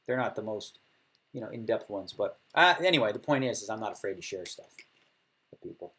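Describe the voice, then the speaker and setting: Husky, chatty man reading poker notes. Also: on the low side, expressive, brisk, a bit bright. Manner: chatty, laughs often, acts out table talk. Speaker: poker player streaming and answering chat. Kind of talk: casual chat.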